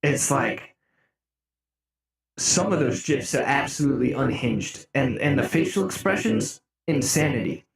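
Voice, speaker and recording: A young man streaming live, chatting casually with his viewers, laughing often and breaking into mock-outraged shouts. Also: medium pitch, lively intonation, a little slow, creaky, crowd noise. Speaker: music streamer. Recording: roomy echo.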